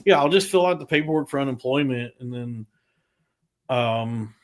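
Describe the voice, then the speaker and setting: Crude, fast-swearing man telling stories. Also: mid-range voice. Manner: crude, profanity-heavy storytelling; animated, frequent restarts. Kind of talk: casual podcast chat.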